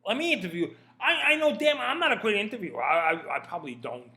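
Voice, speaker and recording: A man's voice: sits high, wildly swooping pitch, fast, sharp tone. A man in his fifties talks through casual commentary with a slightly raised voice. He rambles, stops and restarts his sentences, and keeps his wording blunt and profane. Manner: rambling, with many restarts and fillers.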